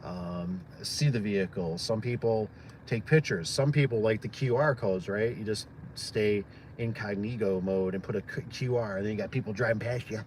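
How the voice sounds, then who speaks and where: A man's voice: on the low side, expressive, normal speed, a little mellow, slight background noise. A man from Michigan chatting casually on a live stream, rambling and friendly with lots of fillers. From Michigan, USA. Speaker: small business owner live-streaming.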